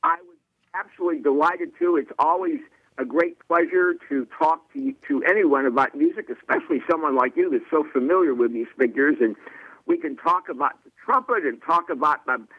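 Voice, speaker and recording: A male guest speaks politely and formally over a tinny phone line. His voice sits fairly high, with a dry, close sound. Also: sing-song, brisk, no room sound.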